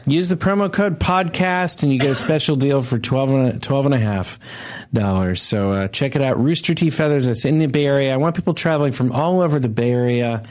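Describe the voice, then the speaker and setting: A man's voice: mid-range voice, fairly quick. A man hosting a comedy podcast, rambling and hesitant with many ums in casual banter.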